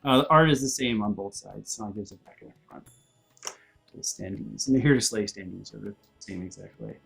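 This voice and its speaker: A man's voice: on the low side, a little fast, gravelly, fairly bright tone, soft background music. A chatty man narrating a board game unboxing in a casual, self-deprecating way, often correcting himself mid-sentence.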